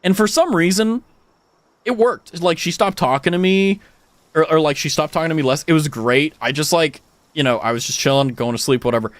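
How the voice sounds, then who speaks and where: A man's voice: fairly high pitch, fairly quick, no echo. A young adult man with an American accent, a streamer telling stories in casual chat with his viewers, full of fillers and swearing. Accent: General American. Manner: animated storytelling, frequent swearing, many fillers.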